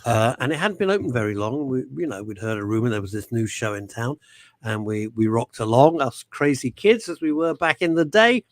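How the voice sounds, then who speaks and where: A man's voice: mid-range voice, fairly quick, no echo. A man hosting a talk show, bantering and teasing in a theatrical way. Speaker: host.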